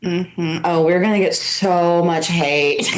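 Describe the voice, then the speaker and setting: A woman's voice: fairly low pitch, takes it slowly, echoey room, crowd noise, rough recording. A young woman co-hosting a podcast, riffing casually with frequent laughs and swearing. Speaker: podcast co-host. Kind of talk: casual comedic chat.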